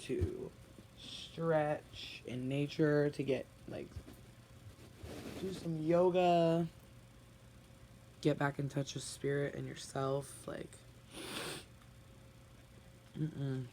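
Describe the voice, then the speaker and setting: Tarot reader, gravelly fry, blunt and emphatic, sighs often, faint hiss behind. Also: mid-range voice, fairly even intonation, drawn-out words, long pauses, darkish tone. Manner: blunt, emphatic, sighing and sympathetic. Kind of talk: spoken tarot reading to viewers.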